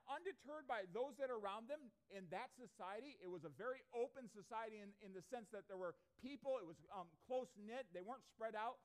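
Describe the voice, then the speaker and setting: Pastor with a high voice, preaching earnestly to his congregation. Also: lively intonation, moderate pace. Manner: earnest preaching with rhetorical questions. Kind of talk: sermon. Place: church before a congregation.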